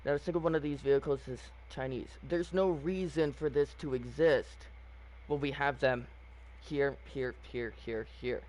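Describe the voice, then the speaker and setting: A man's voice: medium pitch, steady tone, moderate pace, darkish tone. A man giving casual, opinionated commentary on a video game, rambling with frequent fillers and restarts. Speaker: gaming channel host.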